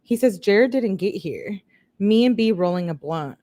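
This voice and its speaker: A woman's voice: mid-range voice, expressive, measured pace, mellow, no room sound. A woman hosting a true-crime video, reading text messages aloud in a casual way and breaking off to react and talk to her viewers.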